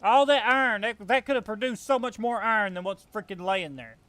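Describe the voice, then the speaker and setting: Man, Southern accent, high pitch, casual game commentary, frustrated rambling. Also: fairly quick, sharp tone, no room sound. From American South. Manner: frustrated, rambling, self-correcting. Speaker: gaming channel host.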